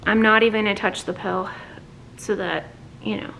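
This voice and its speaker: A woman recording a casual personal vlog at home while she is sick, with a runny nose and a sore chest. She talks softly and often drops to a whisper. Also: mid-range voice, steady tone, moderate pace, creaky, a little hiss or hum, poor audio. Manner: soft-spoken, often dropping to a whisper. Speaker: vlogger. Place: at home, indoors.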